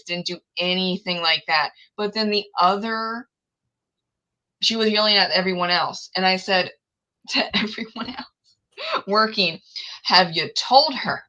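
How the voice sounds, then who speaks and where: Bright-voiced woman chatting candidly. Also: lowish voice, poor audio. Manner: candid, laughs often, acts out quoted exchanges. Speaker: livestream host. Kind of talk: casual chat.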